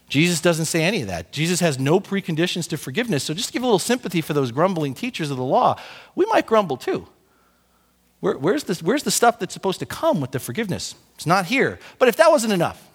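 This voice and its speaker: A man preaching a sermon as pastor, conversational and animated, acting out little asides for his congregation. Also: high-pitched, in a large hall.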